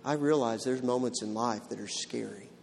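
A man's voice: medium pitch, moderate pace, creaky, darkish tone, a little hiss or hum. Guy preaching a sermon, punchy rhetorical questions, voice ringing around a big church hall. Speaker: pastor. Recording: long hall reverb.

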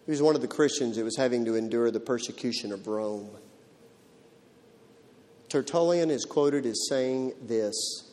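A man's voice: medium pitch, moderate pace, long pauses, darkish tone. A man preaching a sermon as pastor, driving his points home with emphatic rhetorical questions in a church. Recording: long hall reverb.

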